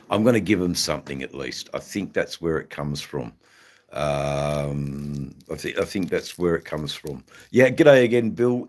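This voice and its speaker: A Western Australian man hosting a casual motorcycle live stream, rambling and halting with many fillers. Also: low-pitched. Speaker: motorcycle channel host. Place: indoors in front of a flag backdrop. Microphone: phone.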